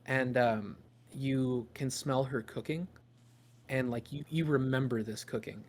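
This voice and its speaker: A man narrating a tabletop game as game master, halting with lots of ums and restarts. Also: medium pitch, fairly even intonation. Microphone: podcast microphone.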